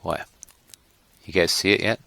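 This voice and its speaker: A man instructing an online class through a screen-recorded software tutorial, rambling and correcting himself with joking asides to his students. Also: low-pitched, fairly even intonation, moderate pace, gravelly, no echo.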